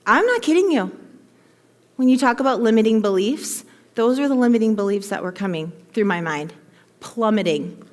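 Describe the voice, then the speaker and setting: A woman's voice: a little high, moderate pace. Emphatic woman speaker in a reverberant hall. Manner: emphatic, heartfelt, animated. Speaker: motivational speaker to her team. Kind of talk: personal story talk to an audience.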